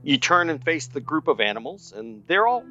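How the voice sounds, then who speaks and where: A man narrating as game master of a tabletop role-playing game, describing scenes in lively detail. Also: a little high, normal speed, muffled recording, faint music behind.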